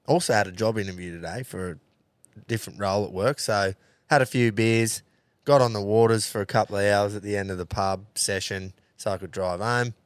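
A man's voice: lowish voice, a little fast, smooth, no room sound. A man with an Australian accent hosting a podcast, telling crude stories in casual banter and laughing often. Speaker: podcast host. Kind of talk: casual pub-style banter.

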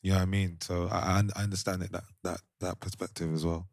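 A man's voice: low voice, flat delivery, fast talker, creaky, dry recording, studio quality. A man co-hosting a podcast in casual group discussion, thinking aloud and often restarting his sentences. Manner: thoughtful, trails off and restarts mid-thought. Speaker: podcast co-host.

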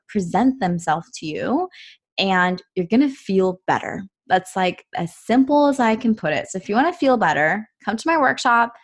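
A young adult woman hosting a solo podcast in a casual, earnest monologue, with lots of "um" and "like". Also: mid-range voice. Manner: chatty, earnest, many fillers like "um" and "like". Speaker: podcast host and personal trainer.

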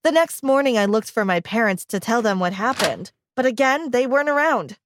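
Woman telling a spooky farm story first person, kinda high voice, expressive. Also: fairly quick, noisy background.

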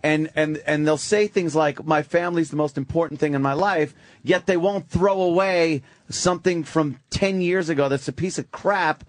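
Chatty, animated man. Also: fairly high pitch, normal speed, no room sound. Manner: animated, chatty, laughs often. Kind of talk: casual podcast conversation.

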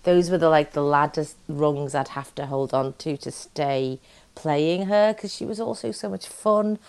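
Low-voiced woman actor chatting. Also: normal speed, smooth. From Britain. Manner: animated, expressive storyteller. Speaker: actor, interview guest. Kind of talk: casual interview chat.

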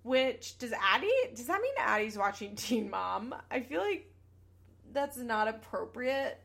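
A woman's voice: fairly high pitch, sing-song, gravelly, fairly bright tone. Chatty sarcastic woman recapping TV. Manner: chatty, sarcastic, swears casually, quick asides. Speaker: podcast host recapping a reality show. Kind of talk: casual chat.

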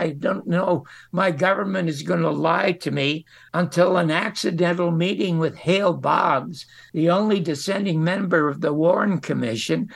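An older man, a guest in an interview, telling lively anecdotes and acting out quoted lines. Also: high voice, gravelly. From United States. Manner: animated storyteller who acts out quotes. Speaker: guest storyteller.

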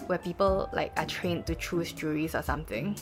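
A woman's voice: low-pitched, normal speed, over music. A Singaporean woman hosting a casual true-crime podcast, chatty and full of fillers. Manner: chatty, lots of likes and lah. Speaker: podcast host.

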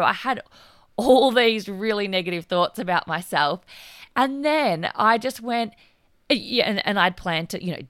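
Woman, hoarse, losing her voice, solo podcast host, earnest, encouraging, lowish pitch, dry close sound. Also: fairly bright tone, no room sound. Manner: earnest and encouraging, with frequent fillers. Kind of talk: casual solo podcast talk.

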